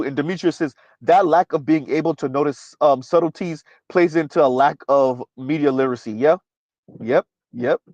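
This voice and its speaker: In a dry, poor-quality recording, an American commentary channel host with a fairly high, darkish voice runs a livestream and reads chat messages. He speaks emphatically, tacking on "right?" again and again.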